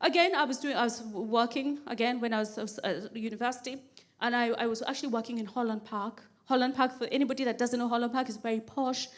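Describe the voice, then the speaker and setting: A woman comedian performing stand-up on stage, telling a long story with animated delivery and comic repetition. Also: fairly high pitch, quick pace. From Kenya. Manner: animated, repeats phrases for comic build, acts out pleading quotes.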